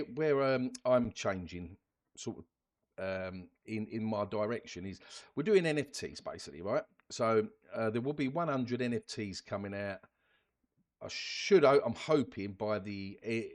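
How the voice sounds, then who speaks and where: A man's voice: on the low side, darkish tone. A man talking casually over his screen as host of a crypto channel, chatty, ending lines with "yeah?" and often restarting his words. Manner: chatty, keeps adding "yeah?" and "guys". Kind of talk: casual screen-share commentary.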